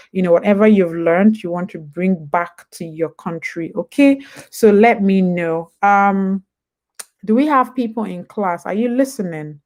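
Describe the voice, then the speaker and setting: A young woman with a Nigerian accent talks her way through a casual live-stream advice session. She is chatty and wanders off topic, then pulls herself back. Her voice sits at an everyday middle pitch. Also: darkish tone. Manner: chatty, digressive, jumps back and forth. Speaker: host.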